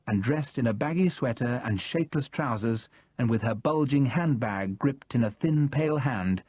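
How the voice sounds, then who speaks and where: Husky, expressive male audiobook narrator. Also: mid-range voice, no echo. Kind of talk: first-person audiobook narration.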